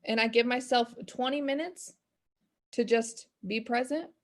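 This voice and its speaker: Woman, thirties, business coach, candid, rambling, faith talk, slightly high voice. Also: measured pace. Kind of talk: casual motivational talk. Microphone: video call.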